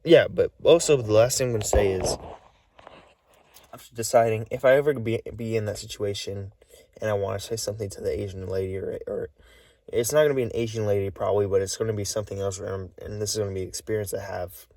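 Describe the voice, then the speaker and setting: Male vlogger, weary and short of breath, low and gravelly, halting speech with many restarts. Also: fairly even intonation, warm tone, distant mic. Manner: halting, full of restarts and repeats. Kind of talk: rambling recorded monologue.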